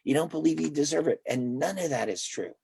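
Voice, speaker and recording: Husky older man telling stories. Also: on the high side, brisk. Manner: animated storyteller who acts out quoted dialogue. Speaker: therapist. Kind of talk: conversational storytelling in an interview.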